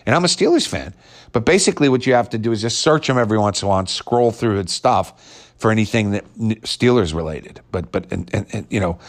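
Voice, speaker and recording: A man, ranting in casual talk as a sports fan, profane, exasperated and mocking. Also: fairly low pitch. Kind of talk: casual rant.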